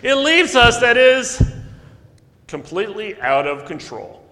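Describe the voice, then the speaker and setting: High-voiced man preaching in an echoing church. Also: very animated, unhurried. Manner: earnest storytelling with sudden loud emphasis and soft drops. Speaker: pastor. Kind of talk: sermon. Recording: long echo of a large hall.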